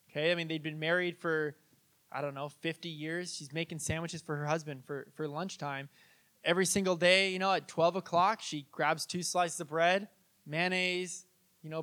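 A male pastor with a fairly high-pitched voice delivers a sermon in a church. He tells stories in a relaxed, conversational way and turns to the congregation with questions. His delivery is animated and engaging.

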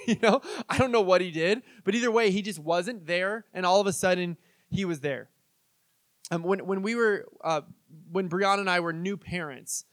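A man's voice: sits high, no echo. A man in his thirties preaching a conversational sermon, telling stories and acting out quoted voices. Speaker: pastor.

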